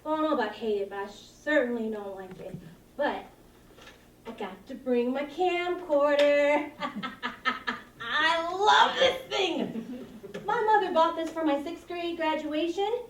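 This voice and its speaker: A woman's voice: high-pitched, animated, measured pace, a little hiss or hum. A woman playing a giggly, lonely seventh-grade girl. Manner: giggly, rambling and self-conscious. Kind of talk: confessional monologue to a camcorder. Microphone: camcorder mic. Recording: roomy sound from a distance.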